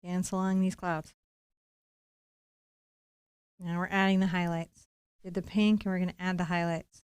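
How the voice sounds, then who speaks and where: A woman's voice: fairly low pitch, flat delivery, moderate pace, darkish tone, clear, resonant tone, no room sound. A woman leading a live-streamed painting lesson, talking playfully and encouragingly straight to her viewers. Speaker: painting instructor.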